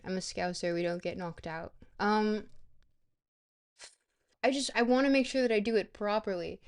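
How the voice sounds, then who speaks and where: A young woman streaming a geography guessing game, rambling and playful, breaking into sudden excited squeals. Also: mid-range voice. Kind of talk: live-stream game commentary.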